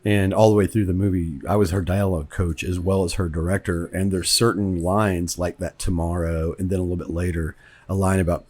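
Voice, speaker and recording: Low-voiced husky man from Kentucky. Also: steady tone, fairly quick, darkish tone. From Kentucky, United States. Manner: rambling, conversational, repeats words as he thinks. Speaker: film director. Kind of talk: director's commentary.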